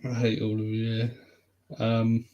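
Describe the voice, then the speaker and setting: A man's voice: medium pitch, monotone, a little slow, mellow, lo-fi sound. A man co-hosting a casual podcast chat, teasing, laughing often and swearing casually. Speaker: podcast co-host.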